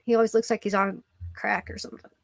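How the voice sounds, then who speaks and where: A woman's voice: medium pitch, level tone, fast talker, gravelly, dry recording. A woman vlogging casually from home at her computer, rambling with lots of fillers and cooing at her cat. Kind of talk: casual chat to camera. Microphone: computer microphone.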